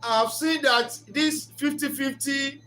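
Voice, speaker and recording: An earnest man delivers a reflective, preacher-like talk and tells stories as he goes. His voice sits high and sounds bright. A faint ambient hum runs underneath. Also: slow. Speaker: speaker of a reflection channel.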